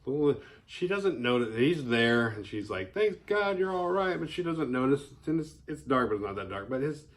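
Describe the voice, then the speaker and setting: A man's voice: moderate pace, few pauses. Male host recapping a horror movie, loose and profane, jumps into silly character voices. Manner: animated, profane, acts out characters' lines in high voices. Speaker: horror film reviewer. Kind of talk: casual film recap.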